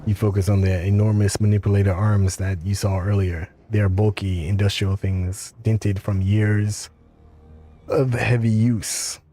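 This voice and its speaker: A man reading a video game's text aloud, slowly and with some stumbles. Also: fairly low pitch, little pitch movement, mellow, slight background noise. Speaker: game reader.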